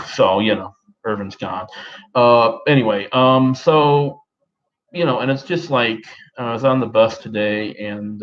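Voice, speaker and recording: A fairly low-voiced man in his thirties from Australia speaks in a put-on American accent, halting and rambling through a personal talk with many restarts. The recording is a bit dull and muffled. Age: 30s. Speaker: vlogger.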